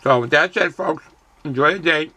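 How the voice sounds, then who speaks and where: A man casually reviewing a beer on his vlog, relaxed and rambling, with lots of ums and uhs. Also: on the high side, normal speed, a little hiss or hum. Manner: relaxed, rambling, many fillers; chews and hums while eating.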